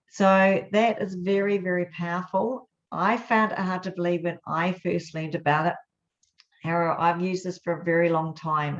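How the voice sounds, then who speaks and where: A woman hosting a motivational live talk, speaking in an earnest, reflective way with gentle pauses. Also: on the low side. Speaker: host. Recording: dull lo-fi sound.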